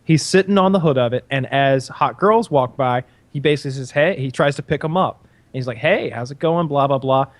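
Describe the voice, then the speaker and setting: A man's voice: medium pitch, fairly quick, hardly any pauses, no room sound. A man co-hosting a podcast, rambling through a story in casual chat, with many fillers and restarts. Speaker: podcast co-host.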